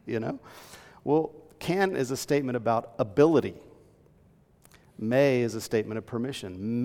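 A man's voice: mid-range voice, animated, normal speed, creaky, pauses often, darkish tone. A man preaching a sermon, reading scripture aloud and explaining it earnestly, rising to emphatic peaks. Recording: long reverb in a large hall.

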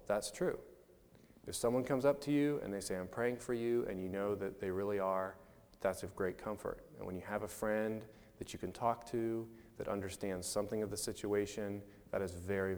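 A man's voice: lowish voice, darkish tone. Conversational male preacher in a reverberant hall. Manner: conversational, acts out quoted voices. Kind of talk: sermon.

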